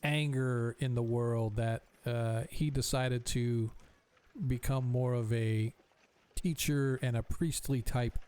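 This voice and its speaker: A man's voice: mid-range voice, fairly even intonation, slow, dark tone, clear, resonant tone. A man narrating a tabletop game as game master, rambling with many fillers.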